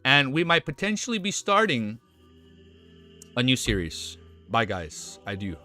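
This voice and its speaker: Bright, lively young man chatting on stream. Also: mid-range voice, unhurried, soft background music. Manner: chatty, rambling, playful baby talk to his dog. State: low energy. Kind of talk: casual stream outro chat. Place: home, sitting on the floor.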